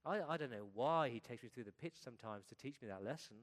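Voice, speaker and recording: A middle-aged man, a pastor, preaching a sermon in an earnest way, often dropping his voice softly at the ends of his points. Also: mid-range voice, animated, fast talker.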